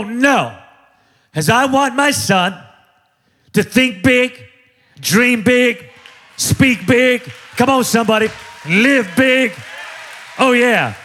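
A man in his forties preaching an energetic sermon, joking with the crowd and driving points home with call-and-response repetition. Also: sits high. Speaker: pastor.

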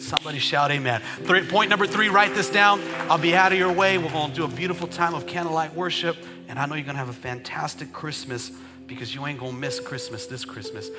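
A man pastor preaching a sermon to a congregation. He swings from shouting to hushed tones and calls out to the crowd. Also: on the high side, a little fast. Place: church service. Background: music.

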